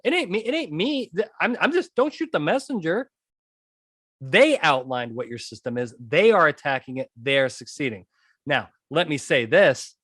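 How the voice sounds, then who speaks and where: A man delivering a fired-up podcast rant, his pitch leaping high whenever he gets worked up and dropping low for asides. He laughs often and talks straight at his listeners. The sound is dry and close. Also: fairly bright tone, no echo. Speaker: podcast host, litigation psychologist.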